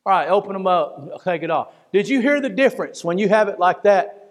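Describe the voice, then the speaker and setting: A man preaching a fervent, emotional sermon in a church, swinging between loud pleading and hushed tones. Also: high voice, expressive, brisk, big-room sound. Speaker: pastor.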